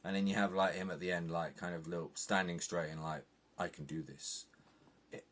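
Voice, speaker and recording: An English man giving an exasperated, animated review to camera, his speech full of "like" fillers. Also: low voice, quick pace. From England. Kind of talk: opinionated review monologue.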